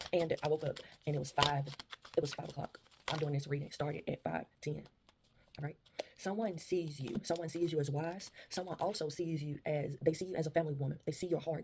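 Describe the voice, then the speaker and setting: A woman's voice: low voice, warm tone, a little hiss or hum. A woman giving a casual, rambling tarot reading to her listeners, often restarting her sentences and calling them y'all. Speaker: tarot reader.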